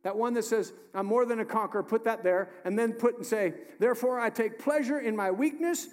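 A man, the pastor, preaching a sermon emphatically, moving between loud urging and hushed, slow delivery. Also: very high voice. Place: church sanctuary. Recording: music under voice in a reverberant hall.

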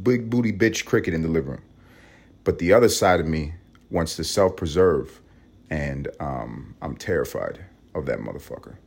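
A man from Harlem with a vocal-fry voice, rambling casually and profanely in a room at home early in the morning. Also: darkish tone. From Harlem, New York. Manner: rambling, profane, low-key. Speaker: podcast host.

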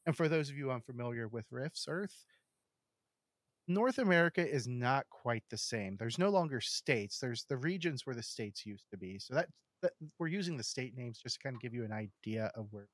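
A man running a tabletop game as game master, describing scenes in a steady narrating voice with casual asides to the players. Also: mid-range voice, moderate pace, no room sound, clean studio sound.

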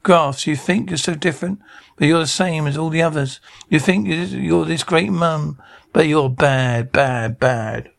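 A man's voice: on the high side, measured pace, gravelly. An actor playing an obsessive man fixated on a young mother, talking in a wheedling, then menacing way.

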